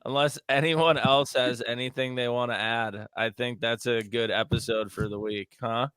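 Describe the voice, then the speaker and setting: Male podcast host, smooth clear voice, relaxed outro. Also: medium pitch, normal speed, dry recording. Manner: easygoing, wraps up the show. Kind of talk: casual podcast sign-off.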